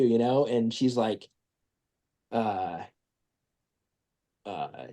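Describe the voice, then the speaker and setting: Man, podcast guest, casual storytelling, animated, mid pitch, quotes voices. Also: slow pace, pauses often. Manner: animated, acts out quoted voices, many restarts. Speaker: guest, business owner.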